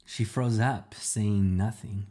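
A man narrating a first-person storybook in a steady, quiet way. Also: on the low side, slow.

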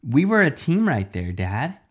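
A man's voice: mid-range voice, very animated, unhurried, slightly rough, voice pushed up. A man voicing an eager young boy hero in a storybook reading, full of questions.

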